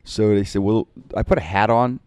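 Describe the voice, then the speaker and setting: A man, a radio broadcaster, telling animated stories in casual podcast talk and acting out other people's lines. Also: lowish voice, normal speed, smooth, no echo. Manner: animated anecdotes with quoted voices.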